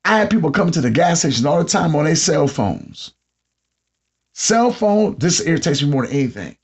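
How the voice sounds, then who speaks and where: A man with a Southern US accent hosting a podcast, telling comedic stories about his job and mimicking customers in an animated way. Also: on the high side, a little fast, slightly rough. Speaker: podcast host. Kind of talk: comedic monologue. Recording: dull lo-fi sound.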